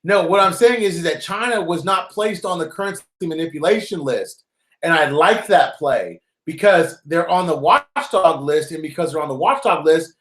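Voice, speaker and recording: A man's voice: high-pitched, a bit bright. A man hosting a live call-in show. He talks in a loose, rambling, joking way and chats with callers. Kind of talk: casual live-stream chat. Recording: roomy echo.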